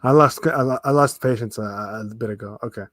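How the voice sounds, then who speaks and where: A young man hosting a football watchalong stream, ranting in exasperation with swearing, restarts and fast bursts of complaint. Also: medium pitch, fairly bright tone, dry recording, studio quality. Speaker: fan commentator reacting to a live match. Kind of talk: livestream watchalong rant.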